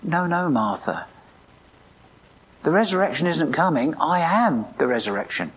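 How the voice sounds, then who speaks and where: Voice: mid-range voice, animated, unhurried, breathy edge. A preacher delivering a morning sermon, reading scripture aloud and asking the congregation questions in a reflective way.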